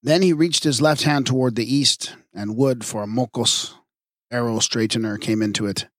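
A man narrating an audiobook of myths in a measured, even reading. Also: mid-range voice, dry recording, clean studio sound. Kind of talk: scripted narration.

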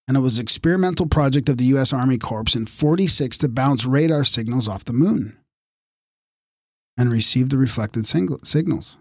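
A man's voice: medium pitch, normal speed, no room sound, studio quality. A man co-hosting a podcast, reading from his notes with asides and losing his voice. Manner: reads notes aloud with asides. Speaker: podcast co-host. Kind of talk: casual chat, reading aloud.

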